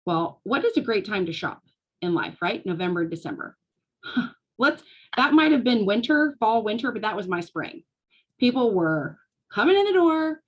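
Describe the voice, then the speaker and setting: Casting: woman, late forties, business coach, animated storyteller, medium pitch. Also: moderate pace, dull audio. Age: 40s. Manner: storytelling, animated, laughs often. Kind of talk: casual talk to a live audience.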